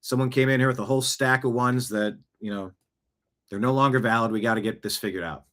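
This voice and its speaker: A man's voice: mid-range voice, fast, fairly bright tone. Male host, casual rambling political commentary, talks off the cuff with asides. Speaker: show host. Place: home studio, seated.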